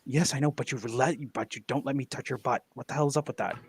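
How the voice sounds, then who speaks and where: A man's voice: medium pitch, fairly even intonation, fast talker, slightly rough. A man chatting casually as a guest on a stream, teasing his friend with crude jokes. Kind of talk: casual chat.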